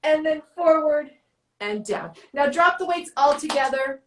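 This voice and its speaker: A woman fitness coach guiding a workout with quick, encouraging cues, out of breath. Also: high-pitched, expressive, fairly bright tone, reverberant, poor audio.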